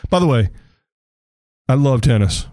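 A man's voice: mid-range voice, animated, a little slow, warm tone, dry recording. Dry-voiced joking male podcast host. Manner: joking, rambling, mimics commentators. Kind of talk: casual sports chat.

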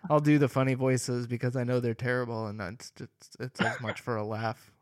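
Man, podcast co-host, jokey and chatty, smooth clear tone, dry close mic. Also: medium pitch, little pitch movement, brisk, no echo. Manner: joking, laughs often, trails off with fillers. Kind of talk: casual chat.

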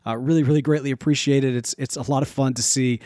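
A man's voice: medium pitch, steady tone, quick pace, darkish tone, no echo, studio quality. A man co-hosting a live podcast, rambling casually with many fillers and restarts. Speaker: podcast co-host.

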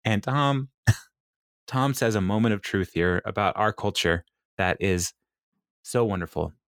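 Male podcast co-host with a fairly low voice; chatty sitcom recaps, frequent laughter, dry booth sound. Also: unhurried, no echo. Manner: laughs often, quotes characters in animated voices. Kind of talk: casual chat.

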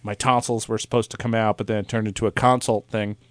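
A man's voice: fairly low pitch, flat delivery, fast talker, no room sound. A young man hosting a casual comedy podcast, easygoing and teasing his co-hosts. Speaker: podcast host.

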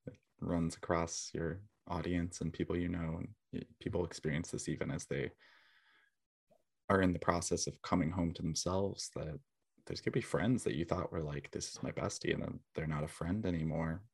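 A man hosting a podcast who asks questions and reflects in a slow, thoughtful, gentle way. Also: low voice, fairly even intonation, gravelly, breathy edge. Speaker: podcast host. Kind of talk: interview questions and reflective chat.

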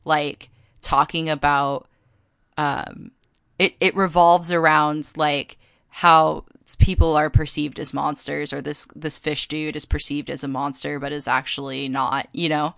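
A woman co-hosts a casual podcast, her speech rambling and full of fillers. Her voice is lowish for a woman, yet bright and crisp, and sounds dry and close to the mic. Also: flat delivery, measured pace, dry recording. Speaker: podcast co-host.

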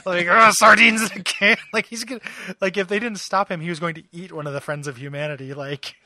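A man's voice: fairly high pitch, fairly even intonation, fast talker, sharp tone. A man co-hosting a podcast, chatting loosely about a cartoon episode and laughing often. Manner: loose and laughing, lots of fillers and restarts. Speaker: podcast co-host. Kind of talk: casual chat recapping a cartoon episode.

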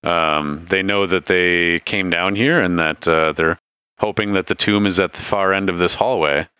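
Game master, man, deep and resonant, easygoing storyteller. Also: moderate pace, clean tone, dry recording. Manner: relaxed, laughs often, loose storytelling. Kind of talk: narrating a tabletop game.

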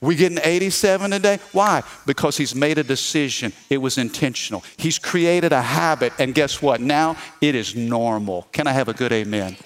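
A man, lively and calling for amens. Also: mid-range voice, normal speed, hardly any pauses. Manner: lively preaching with call-and-response. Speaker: pastor. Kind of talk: sermon.

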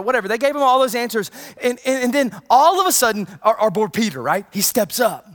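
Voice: medium pitch, fast. A preacher delivering a sermon in a conversational way, with asides and retold scripture. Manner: conversational, animated, with many asides.

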